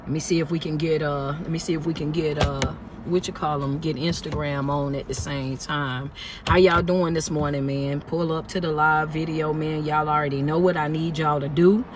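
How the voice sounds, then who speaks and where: A woman's voice: deep voice, steady tone, normal speed, background noise. A woman motivational speaker and life coach, greeting viewers and preaching in a chatty phone livestream pep talk.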